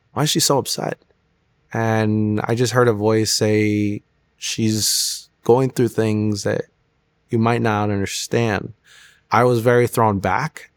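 A young man speaks at a middle pitch in a sincere, reflective testimony interview. He often pauses and restarts his sentences. His voice is close and dry, with no room sound around it. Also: no echo. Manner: earnest and reflective, with frequent restarts and "like" fillers. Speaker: testimony guest.

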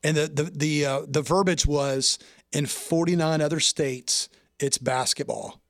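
A man's voice: on the high side, steady tone, measured pace, dry recording, clean studio sound. A man hosting a podcast interview who asks enthusiastic, rambling questions. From Indiana. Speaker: podcast host. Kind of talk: conversational interview.

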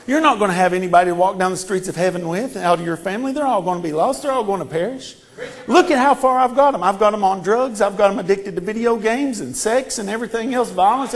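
A taunting, gloating devil sneers at a believer, as a male preacher puts him on in a sermon. The voice sits fairly high and sounds scornful, mocking and sure of itself. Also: close to an everyday voice.

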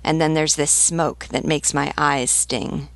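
A woman's voice: sits low, steady tone, unhurried, no room sound. A woman reading the lines of a brash, mocking wounded soldier in a taunting, scornful manner. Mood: grumbling.

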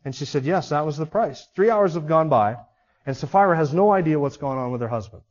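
A male pastor delivers a sermon with emphatic swells and sudden quiet drops. His voice sits a little high for a man. The sound is muffled and carries a long reverb from a large church sanctuary. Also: animated, a little fast. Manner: emphatic, rising and dropping sharply in volume.

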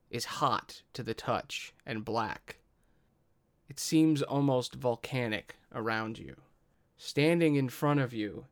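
Game master, male, slow gravelly narration. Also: mid-range voice.

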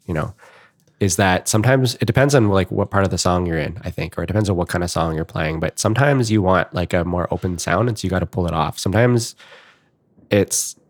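A podcast co-host with a deep voice talks briskly in a casual chat, rambling along with fillers and restarts. The recording is dry and of studio quality.

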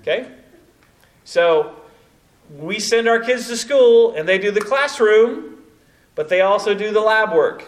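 A man's voice: sits high, unhurried, pauses often. A man leading a church evangelism training session, telling stories with many asides to a live group. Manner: storytelling, animated, many asides like "you know, kind of thing". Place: church meeting room with a live audience.

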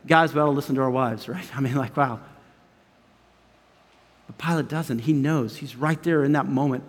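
A man preaching a sermon as pastor. His delivery is emphatic, swinging from loud urgency to hushed intimacy, and he chuckles between phrases. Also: mid-range voice, normal speed, long pauses. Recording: long reverb of a large hall.

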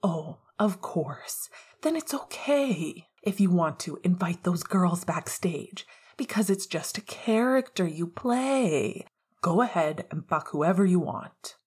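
A woman's voice: lowish voice, animated, takes it slowly, darkish tone, slightly rough, exaggerated voice. A woman voicing a guarded young man whose words come out cold, sarcastic and biting. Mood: bitter. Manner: sarcastic, cutting.

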